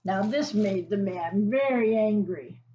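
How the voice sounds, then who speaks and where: A woman reading a picture book aloud to children, pausing to ask them questions and explain words. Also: mid-range voice, expressive, muffled recording, a little hiss or hum. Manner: gentle teacherly asides and questions to the listener. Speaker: children's story reader.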